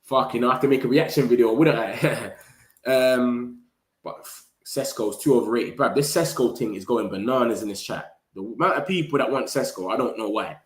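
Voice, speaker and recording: A man hosting a fan live stream, reading comments in slangy, animated chat. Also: mid-range voice, moderate pace, roomy sound. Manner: slangy, animated, hypes viewers. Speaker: fan channel host.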